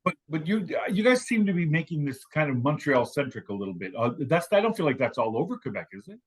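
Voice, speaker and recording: Brief: husky male guest, mid-pitched, storytelling with lots of self-corrections. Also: sing-song, fast. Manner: digressive storytelling with many restarts. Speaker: guest, communication teacher. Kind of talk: casual chat.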